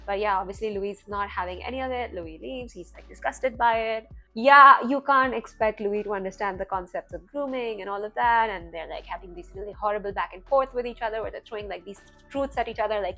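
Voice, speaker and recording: Woman, reaction-video host, casual animated recap, mid-range voice, filler-heavy. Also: medium pitch, a little fast, faint music behind. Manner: chatty, heavy on "like" and "you know", animated retelling.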